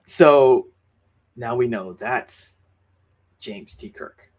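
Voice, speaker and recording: Talking extremely slowly in a medium-pitched, darkish voice, this podcast co-host runs through movie scenes in a relaxed film review chat, with plenty of fillers and restarts.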